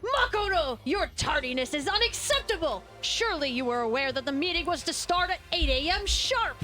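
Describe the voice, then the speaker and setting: A stiff, rule-bound schoolboy lectures in a formal, scolding way, as a woman puts him on. His voice sits high and bounces about. Faint music plays under him. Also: lively intonation, brisk, pushed and bright, exaggerated voice. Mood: stern. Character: stern rule-bound male student hall monitor.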